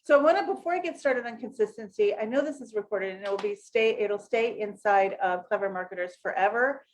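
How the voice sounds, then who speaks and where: A woman's voice: medium pitch, a little fast, slight background noise. A middle-aged woman from the United States hosts a casual live session as a business coach, rambling with lots of fillers and self-corrections and greeting viewers by name. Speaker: network marketing coach hosting a live session. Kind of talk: casual livestream talk to viewers.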